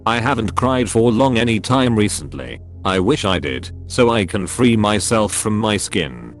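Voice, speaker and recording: A man narrating a string of online comments in a scripted reading, spelling out even web links word for word. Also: lowish voice, a little slow, soft background music. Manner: reads every text literally, web links spelled out.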